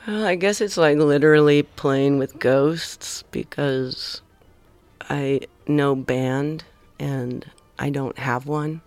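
A woman's voice: low voice, dry recording, soft background music. A middle-aged woman with a Valley girl accent, a musician guest in a casual radio interview, talking in a drifting, hesitant way. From the San Fernando Valley, California. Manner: slow, drifting, hesitant with many ums and soft trailing asides.

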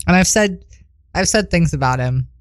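A young woman co-hosting a podcast, telling a story in a casual, animated way, laughing often and acting out quotes. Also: lowish voice, moderate pace, no room sound, studio quality. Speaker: podcast co-host.

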